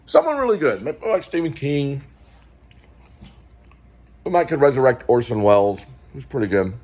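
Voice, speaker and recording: A man's voice: medium pitch, a little mellow, husky. A man hosting his own show, talking casually through a film production meeting, thinking aloud in a rambling way with restarts. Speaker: filmmaker and show host.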